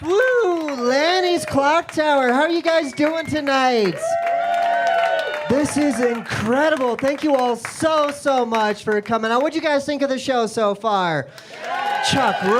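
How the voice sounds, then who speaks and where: High-voiced excited stand-up comic. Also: female voice, heavy background noise. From Colorado. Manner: excited, self-mocking, energetic. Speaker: stand-up comedian. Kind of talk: stand-up set. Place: comedy club stage with audience.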